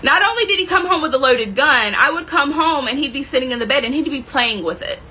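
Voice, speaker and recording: Bright, intense woman telling her story. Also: high-pitched, expressive, fast, rough recording. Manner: intense, swearing, dramatic retelling. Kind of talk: personal story told to camera.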